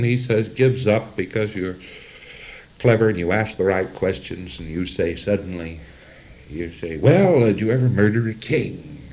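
A man's voice: on the low side, a little mellow. A man giving an informal lecture, rambling, acting out examples and often checking in with his listeners. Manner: rambling, illustrates with acted-out examples and asides.

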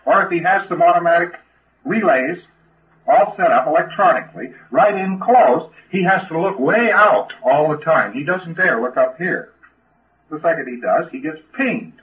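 A man's voice: fairly high pitch, lively intonation, normal speed. A man giving an informal lecture to trainees in a folksy, emphatic way, often restarting his sentences. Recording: tinny lo-fi old tape.

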